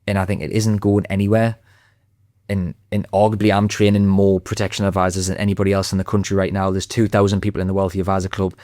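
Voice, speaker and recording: Low-voiced confident man, dry close sound. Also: monotone, quick pace, darkish tone, dry recording. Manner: confident, emphatic, conversational. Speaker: podcast guest, sales trainer. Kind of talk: podcast interview.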